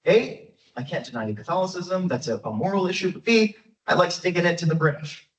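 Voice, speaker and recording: A man's voice: high voice, lively intonation, brisk, a bit bright, far from the mic, voice pushed up. A man lecturing puts on the voice of a wry, sly colonial governor, a middle-aged man. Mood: breezy, sly.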